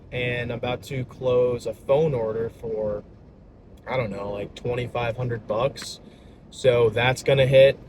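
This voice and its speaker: A young man chatting casually in an upbeat, slangy, rambling way, talking straight to his viewers. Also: mid-range voice. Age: young adult. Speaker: vlogger and salesman. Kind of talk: casual vlog chat. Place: outdoors by a road. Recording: outdoor traffic noise.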